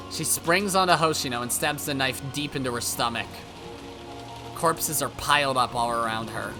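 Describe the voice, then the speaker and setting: A man's voice: medium pitch, normal speed, bright, forceful tone. A man reading a visual novel aloud, with brief side remarks of his own. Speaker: let's-play narrator. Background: game music.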